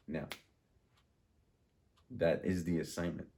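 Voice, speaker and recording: A man's voice: extremely low pitch, steady tone, mellow. A man teaching a music lesson, patiently drilling rhythms and asking questions. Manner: slow, patient, repeats and drills words.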